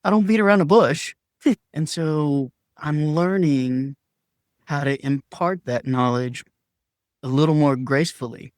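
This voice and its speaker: Speaking unhurriedly in a fairly high voice, a man opens up as a podcast guest, recorded dry in a clean studio. His tone is earnest and emphatic, and he sometimes acts out what he once said by raising his voice.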